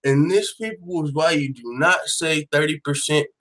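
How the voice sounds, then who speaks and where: A man's voice: on the high side, moderate pace, crowd noise. A man hosting a casual fight-news live stream, talking slangy and profane as he reacts to viewer comments. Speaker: MMA news show host.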